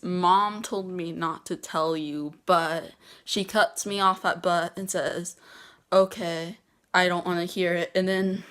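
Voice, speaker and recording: A teenage girl telling a prank story in a casual vlog, halting with many pauses and restarts. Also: on the low side, fairly bright tone. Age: teens. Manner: halting, many ums and restarts, laughs at herself. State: getting emotional, near tears. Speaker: vlogger.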